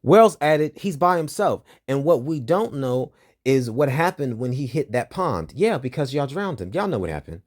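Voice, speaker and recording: Speaking at a moderate pace in a mid-range voice, this man reads a news report aloud while erupting into angry, profane commentary. He's agitated throughout, alternating flat narration with loud outbursts.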